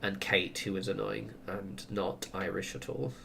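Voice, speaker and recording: A man's voice: on the low side, unhurried, vocal fry, noisy background. Rambling man streaming a game. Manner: rambling, opinionated, laughs often. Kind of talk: casual chat while gaming.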